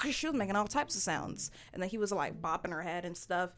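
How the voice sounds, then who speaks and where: A woman's voice: mid-range voice, a little fast, few pauses, over a noisy crowd. A woman recapping a reality show in casual commentary, playful and blunt, laughing often and dropping slangy asides. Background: background music.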